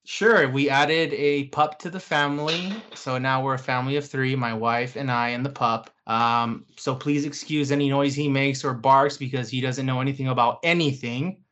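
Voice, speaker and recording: A man's voice: medium pitch, fairly even intonation, moderate pace, few pauses, fairly bright tone. A young man co-hosting a casual podcast, easygoing and chatty, with lots of "um"s. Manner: easygoing, chatty, with many fillers. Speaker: podcast co-host. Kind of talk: casual chat.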